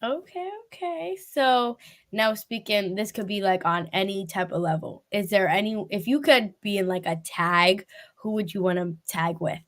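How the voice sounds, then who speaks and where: A woman's voice: medium pitch, moderate pace. A woman interviewing a guest in loose, casual chat. She rambles, fills gaps with "like" and "blah, blah," and laughs often. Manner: chatty, laughing, rambling with fillers.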